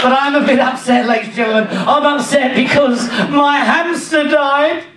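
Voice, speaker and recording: A man putting on a brash, cheeky music-hall comedian with an English accent, working the crowd with saucy one-liners. His voice sits high for a man. It comes from a distance in an echoey hall, with a crowd laughing behind him. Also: normal speed. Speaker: comedian impersonator at a party. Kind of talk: stand-up comedy routine. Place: party hall.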